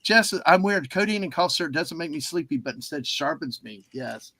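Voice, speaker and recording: A man hosts a casual livestream in a rambling, easily distracted way. His voice is high and bright. The sound is dry and close. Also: expressive, normal speed, dry recording. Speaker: livestream host.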